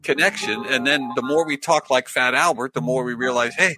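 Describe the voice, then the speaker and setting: A man's voice: a little high, normal speed, pushed and bright, rough recording. A man co-hosting a live comedy stream, chatting and laughing in a playful way. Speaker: comedy show co-host. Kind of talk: casual live-stream banter.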